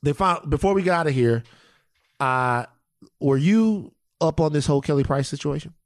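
A man co-hosting a podcast, riffing with profane, animated comic storytelling in casual banter. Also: a little high, normal speed, no echo, clean studio sound. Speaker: podcast co-host.

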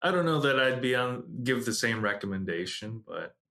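A man's voice: mid-range voice, animated, normal speed, bright, forceful tone. A man co-hosting a casual podcast chat, easygoing and laid-back as he talks about a show. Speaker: podcast co-host.

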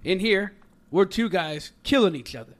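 Worn-out male boxer, loud, thick drawl, halting, done by a man. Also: high voice, lively intonation, voice pushed up. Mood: earnest. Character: mumbling weary male boxer after a fight.

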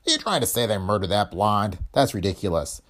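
A man's voice: lowish voice, sing-song, a little fast, a bit bright. A man voicing a scheming lawyer who is cornered and protesting, in an audiobook reading. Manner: protesting, panicky. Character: scheming middle-aged male lawyer, cornered and panicky.

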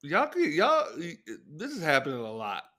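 A man co-hosting a casual chat podcast, expressive, exclaiming and laughing often. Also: on the high side, moderate pace. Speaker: podcast co-host.

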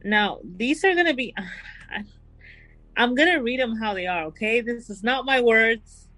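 A woman's voice: a little high, expressive, sharp tone, dry recording, low-quality recording. Woman telling a true-crime story. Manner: reads quoted notes slowly and deliberately. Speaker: podcast co-host telling the story.

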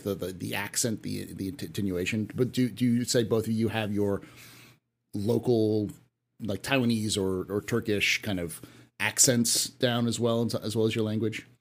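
A man hosting a casual panel talk show, reading viewer questions aloud in an upbeat way. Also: on the low side. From United States. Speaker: podcast host.

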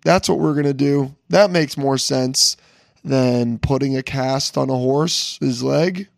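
Hoarse young man with gravelly voice. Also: medium pitch, slow pace, no room sound, clean studio sound. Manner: rambling, joking, profane. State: hoarse, recovering from lost voice. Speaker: podcast host. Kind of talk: casual solo podcast intro.

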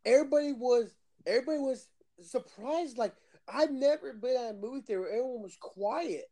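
High-voiced, animated storytelling man. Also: fairly quick. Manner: animated storyteller, acts out quotes. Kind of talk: casual movie discussion.

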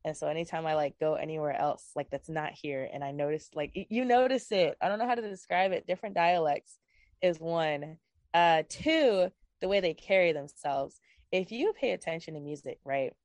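A woman's voice: deep voice, moderate pace, no echo. Chatty young woman, dry sound. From Virginia, USA. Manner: animated and rambling, laughs often. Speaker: guest. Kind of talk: casual chat.

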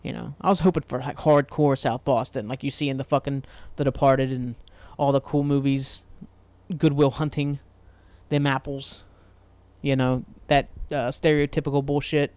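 A man's voice: medium pitch, fairly even intonation, normal speed, a little mellow, clear, resonant tone, dry recording. A man from Ohio hosting a casual solo podcast, rambling loosely, swearing freely and laughing at himself. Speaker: podcast host.

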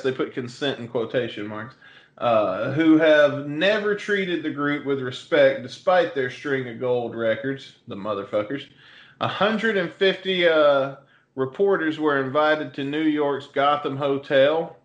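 A man's voice: medium pitch, measured pace. A man co-hosting a casual comedy podcast, joking and swearing freely. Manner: profane, joking, slips into a put-on Boston voice for stories. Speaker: podcast co-host.

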